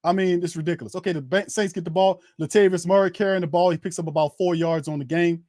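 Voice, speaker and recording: A fired-up man calls a game as a fan host, ranting hotly with repeated words and stumbles. His voice sits a touch high for a man and comes through dry and close to the mic. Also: steady tone, fast, a little mellow, no echo. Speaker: host of a fan watch party. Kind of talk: live fan play-by-play commentary.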